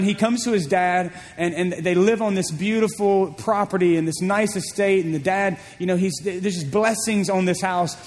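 High-voiced preacher in a reverberant hall. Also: male voice. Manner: animated storytelling preacher, repeats words. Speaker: pastor. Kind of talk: sermon.

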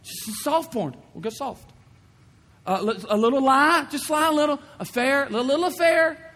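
A wheedling male spirit of temptation, as a preacher puts him on, coaxing and brushing every wrong aside in a high, sing-song voice that climbs ever higher. It rings out with a long hall reverb. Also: expressive, moderate pace, bright, forceful tone, heavily acted. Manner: coaxing, smooth-talking, making light of sin.

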